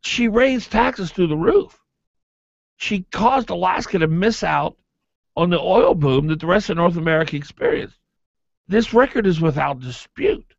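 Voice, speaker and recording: A man's voice: high-pitched, a little slow, vocal fry, no echo. A man hosting a morning talk radio show, arguing his opinions emphatically and reading ads. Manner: emphatic, animated, argumentative. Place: radio studio. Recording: dull, dry AM radio broadcast.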